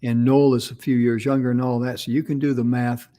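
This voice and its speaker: A man's voice: medium pitch, little pitch movement, fairly quick, mellow. Folksy man telling a rambling story. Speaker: co-host. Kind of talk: casual talk show chat.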